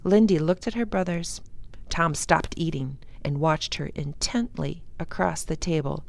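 A woman's voice: low-pitched, gravelly, dry recording. A woman who works as a children's librarian reading a chapter book aloud for kids. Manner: slow, expressive. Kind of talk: storybook read-aloud for children.

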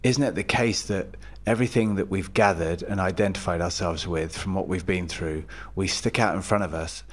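A man's voice: low voice, normal speed. A man hosting a podcast, musing thoughtfully and searching for his phrasing as he speaks. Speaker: podcast host. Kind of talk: reflective conversational musing.

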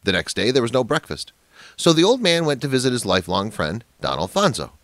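A man's voice: mid-range voice, big pitch swings, fairly quick, a bit bright, no echo. A man narrating a dramatic family story in a scripted, emphatic way.

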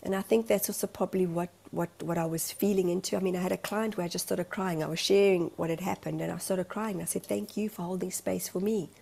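A woman's voice: on the low side, steady tone, fast talker, vocal fry, few pauses, a little mellow. A woman in a candid vlog monologue, speaking as a life coach in an earnest, emotional, rambling way.

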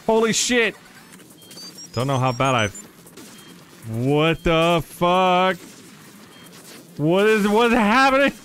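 A man giving casual live commentary while streaming a game, excitable and quick to laugh, swearing often and reacting loudly to surprises. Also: sits high, a little hiss or hum. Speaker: streamer playing a modded platform game.

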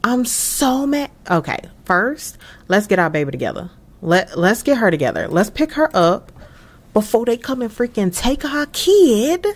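Young woman, gameplay commentary, casual, very lively intonation, unhurried pace, exclamatory. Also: mid-range voice. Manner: expressive, exclaiming, talks to viewers; frequent laughs. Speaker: gaming channel host.

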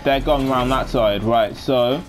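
A man's voice: medium pitch, a little slow, soft background music. A young man giving casual, jokey live commentary while playing a shooter game. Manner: chatty, jokey, self-narrating. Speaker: gaming commentator.

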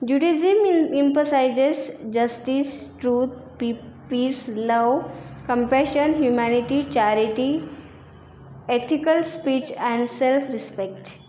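Slow, echoey woman teacher reading answers. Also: high-pitched, dark tone, slight background noise. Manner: repeats each answer slowly, asks check questions. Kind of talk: slow classroom lesson reading answers aloud. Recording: echoey room.

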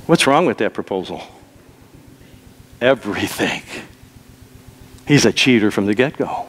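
A man's voice: on the low side, lively intonation, measured pace, long pauses, breathy edge. A male pastor delivering an emphatic sermon, repeating key phrases and slipping into acted quotes. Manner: emphatic preaching with dramatic acted quotes and repetitions. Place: church sanctuary. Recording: long church hall reverb.

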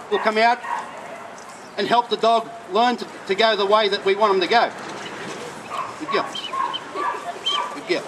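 A man gives a live outdoor talk on training working dogs, speaking in a plain, practical way. His voice sits fairly high for a man. A faint hiss of outdoor noise runs under him. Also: a bit bright. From Australia. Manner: explains plainly between short commands to dogs. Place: outdoors at a festival display.

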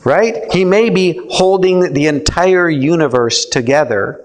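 A man's voice: fairly high pitch, animated, a little slow. Man giving a casual theology talk. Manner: conversational, asks the audience questions, acts out quotes. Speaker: speaker teaching a theology session. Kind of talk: informal talk to a live audience.

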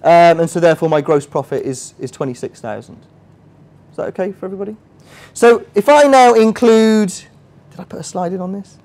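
A man's voice: sits high, a little fast, a little mellow. A man runs a friendly teaching session. He talks casually, keeps checking whether the room agrees, and pokes fun at himself as he explains. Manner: chatty, quizzes the audience, self-mocking asides. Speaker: finance workshop trainer. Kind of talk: interactive teaching. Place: workshop room with a live audience.

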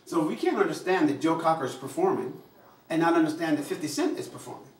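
An American man giving a public address, animated, often acting out the voices of people he quotes. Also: fairly high pitch, quick pace. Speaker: invited speaker. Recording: echoey room, mic far off.

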